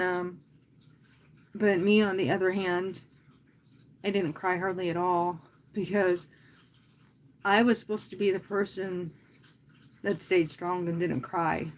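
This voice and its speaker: A woman who hosts live fitness classes, talking earnestly and from the heart to her viewers in a casual livestream, often pausing and speaking softly. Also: medium pitch, slight background noise. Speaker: fitness instructor and livestream host.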